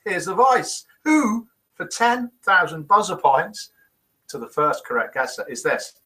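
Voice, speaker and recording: Lively, animated British man hosting a quiz. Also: high-pitched, measured pace, rough recording. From United Kingdom. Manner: lively, chuckling, playful quiz-master banter. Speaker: host of a daily live show. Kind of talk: casual live-stream chat, reading out comments.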